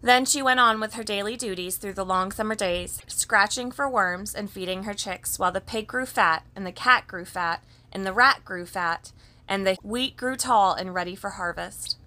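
A woman narrates a children's story with a gentle, even delivery. Her voice is bright and crisp, at a middle pitch. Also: normal speed. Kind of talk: reading a children's story aloud.

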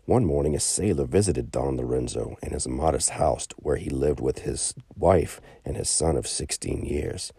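A man reading a children's story aloud in a calm narrating voice, raising his pitch for the quoted characters. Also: moderate pace, vocal fry, few pauses, husky, dry recording.

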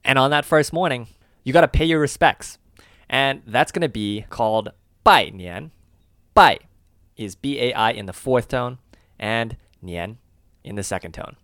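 A man with a mid-pitched voice co-hosts a scripted language lesson, recorded dry with no room sound. He slows down to name each syllable and its tone. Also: fairly bright tone, no echo.

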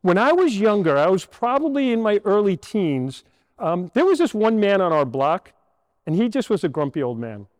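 A priest in his sixties preaches to children in a high, lively voice that swings up and down. He tells a story and keeps asking rhetorical questions. His voice carries a long church reverb. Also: moderate pace. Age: 60s. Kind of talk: homily to children.

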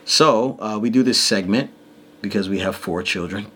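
Guy with a really deep voice hosting a laid back chat, um-ing a lot, bit of hiss behind. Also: moderate pace. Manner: relaxed, loose, with many fillers. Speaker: podcast co-host. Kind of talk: casual chat.

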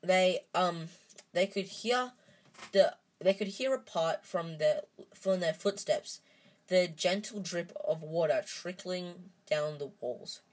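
With a fairly low voice and slow pace, a woman stumbles through reading a storybook aloud, frequently restarting and filling gaps with "um." The recording quality is rough.

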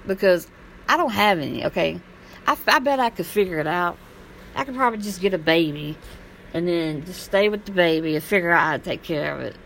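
A woman's voice: fairly low pitch, animated, brisk, creaky, a bit bright, slight background noise, poor audio. A woman talking straight to camera in a casual vlog, blunt, rambling and impassioned, swearing freely. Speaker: vlogger. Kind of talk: casual monologue.

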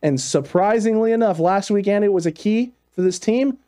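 A man hosting a casual football analysis show, talking in an animated way with repeated emphatic phrases. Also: high voice, normal speed. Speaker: sports show host.

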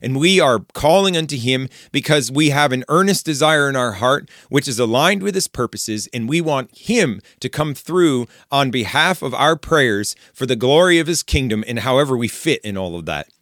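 A man's voice: mid-range voice, lively intonation, moderate pace, few pauses, a bit bright, dry recording, studio quality. A man preaching on a psalm, speaking earnestly and directly to the listener. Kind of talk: radio-style Bible teaching.

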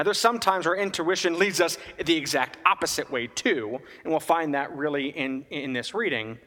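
A man giving a conversational homily as a priest, animated and often asking his listeners questions. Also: fairly high pitch, big-room sound.

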